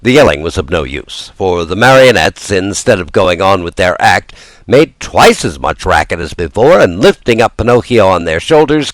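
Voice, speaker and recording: A man reading a classic children's story aloud with a lively, theatrical delivery. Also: low-pitched, dry recording. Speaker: audiobook narrator.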